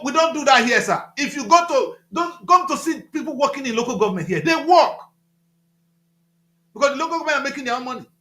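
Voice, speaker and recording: A man with a Nigerian accent giving impassioned talk-show commentary, emphatic and repetitive, with loud outbursts. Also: high-pitched, roomy sound.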